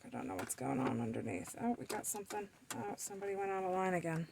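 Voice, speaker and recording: A woman's voice: on the low side, lively intonation, fast, gravelly, background noise. A woman hosting a DIY sewing tutorial, chatting casually to herself and the fabric as she sews at her machine, playfully scolding it.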